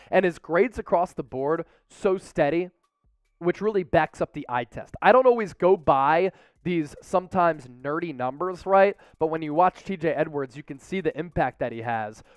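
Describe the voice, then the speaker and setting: A man hosting a live sports news show, delivering energetic commentary with salesy hype. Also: fairly high pitch, dry recording.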